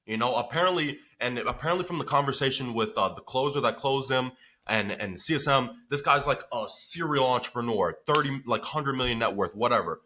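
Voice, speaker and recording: A man who runs a business telling a story in a casual vlog, animated and swearing freely with lots of filler. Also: medium pitch, a little fast.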